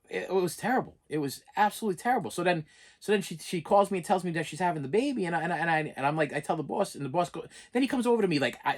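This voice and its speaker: A middle-aged man telling a personal story to his channel, plain-spoken and emphatic, rambling, repeating phrases and restarting his sentences. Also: fairly high pitch. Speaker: channel host.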